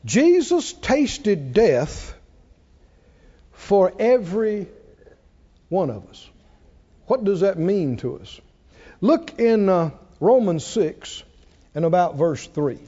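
A man preaching a sermon to a congregation, slow and measured, building up to shouted exclamations. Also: high-pitched, very animated, husky. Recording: dull lo-fi recording.

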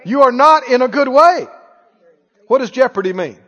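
A man's voice: very high-pitched, expressive, moderate pace, pushed and bright. Male preacher, playful and emphatic, in an echoey hall with a dull recording. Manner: rhetorical questions, playful and emphatic. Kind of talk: sermon.

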